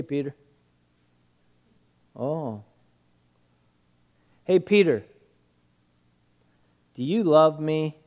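A male preacher voicing a gentle teacher who questions a friend quietly. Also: big-room sound, full character voice. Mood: pleading. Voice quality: soft, low and hushed. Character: gentle searching male teacher, grown man.

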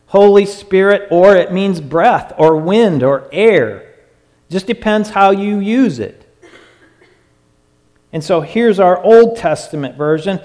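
A man preaching a sermon in an emphatic way, stretching out his phrases and sometimes dropping to a hush. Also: sits high. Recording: long hall reverb.

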